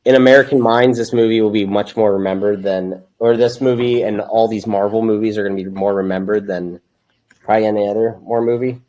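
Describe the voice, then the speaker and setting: A man's voice: fairly low pitch, steady tone, fairly quick, a little mellow. A young man co-hosting a casual film podcast, rambling and upbeat, often laughing. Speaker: podcast co-host. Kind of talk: casual film-review chat.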